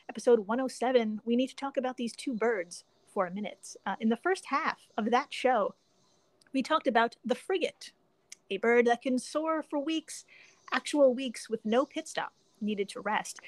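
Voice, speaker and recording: A woman hosting a casual podcast, excitable and swearing casually, laughing often. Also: on the high side, dry recording. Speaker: podcast host.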